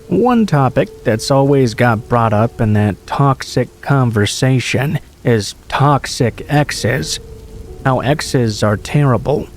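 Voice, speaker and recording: A man narrating true horror stories in a calm, measured, scripted way. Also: mid-range voice, creaky, slight background noise.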